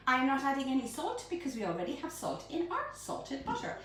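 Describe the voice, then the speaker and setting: A chatty middle-aged woman with a high, lively voice that jumps all over the place. She talks through a live baking demo in her home kitchen, caught on a phone held some way off, with a lot of room echo and faint noise behind. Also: a little fast. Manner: bubbly, chatty and animated. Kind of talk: live-streamed cooking demonstration. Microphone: phone camera held by a helper at a distance. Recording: echoey room, phone mic from far off.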